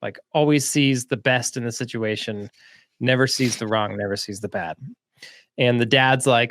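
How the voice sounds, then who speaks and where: A man's voice: medium pitch, normal speed, dry recording. Chatty man telling a story, dry sound. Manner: relaxed, chatty, lots of "like" and "right?". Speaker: podcast host. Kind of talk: casual storytelling. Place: lives in Florida.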